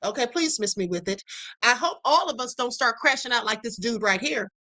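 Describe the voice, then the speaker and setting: A woman's voice: a little high, lively intonation, fairly quick, bright, forceful tone. A woman hosting a livestream, commenting on clips in a blunt, emphatic and sassy way. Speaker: livestream host.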